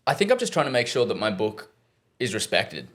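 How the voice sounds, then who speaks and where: A man's voice: lowish voice, wildly swooping pitch, fairly bright tone. A man guesting on a podcast, chatting casually and playfully about his debut cookbook. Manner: playful, joking, quick restarts. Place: podcast studio.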